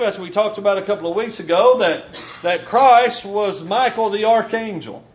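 A male preacher giving a sermon, teaching from scripture and slowing down to stress key phrases. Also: high voice, muffled recording. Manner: emphatic, slows down to stress scripture.

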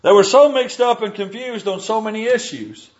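A man's voice: high-pitched, normal speed, muffled recording. A man preaching a sermon, earnest and emphatic, reading scripture aloud.

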